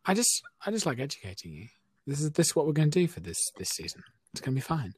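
A young man co-hosting a podcast, telling anecdotes in a measured way with fillers. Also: on the high side, sing-song, breathy edge, no room sound, studio quality. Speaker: podcast co-host. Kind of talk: casual chat.

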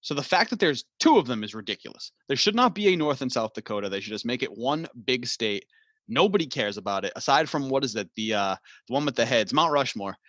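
A man of middling pitch grumbles sarcastically on a casual podcast. His delivery is exasperated and mocking, and his voice sounds dry and close to the mic. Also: lively intonation, fast, fairly bright tone, no echo. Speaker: podcast co-host.

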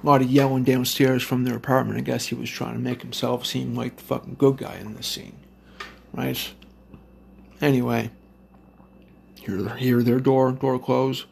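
A man rambles through a story, swearing in nearly every line. His voice is deeply gravelly and full of fry. He talks bluntly and loosely, with faint noise under the recording. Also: little pitch movement, normal speed. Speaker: parent telling a story to listeners. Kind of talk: profane storytelling rant.

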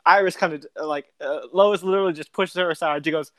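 A man's voice: fairly high pitch, fairly even intonation. Chatty young man recapping a show. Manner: rambling, quick recaps with quoted lines. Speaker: podcast co-host. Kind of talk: casual chat about a TV show.

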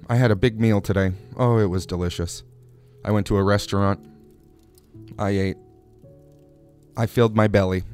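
Male comedy host, lowish voice, deadpan absurd monologue, faint music underneath. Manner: absurd, drawling, playful asides.

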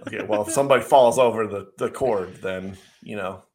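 A middle-aged man co-hosting a casual chat, telling an animated, sarcastic story with mocking asides. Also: fairly low pitch, a little fast. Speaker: podcast co-host.

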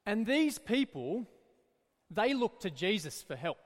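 Children's church leader, man, high voice, slow and encouraging, long hall echo. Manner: lively, encouraging, storytelling. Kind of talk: children's Bible talk.

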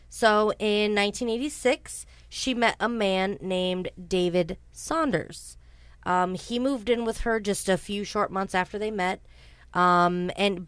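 A woman's voice: mid-range voice, a bit bright, smooth, dry recording. A woman casually telling a true-crime story to a co-host, chatty and blunt, swearing freely, with frequent ums and asides. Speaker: podcast host.

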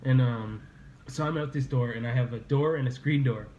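In slightly dull lo-fi podcast audio with faint ambience, a young male host spins a rambling tale in easygoing conversation, laughing and swearing throughout. His mid-range voice is mellow at a normal speed, and the sound is reverberant with slight background noise.

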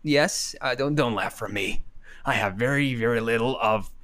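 A man's voice: mid-range voice, normal speed, fairly bright tone. A man co-hosting a podcast on a remote call from home, chatting casually and rambling in a self-deprecating way, with many restarts. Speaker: podcast co-host. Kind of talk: casual chat.

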